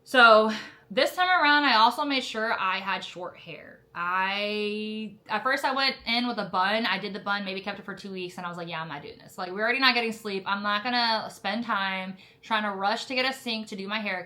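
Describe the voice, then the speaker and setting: A woman's voice: medium pitch, pushed and bright. A young woman casually telling a story about officer training, chatty and full of fillers, laughing now and then. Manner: laughs often while retelling. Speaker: Marine officer candidate telling her story.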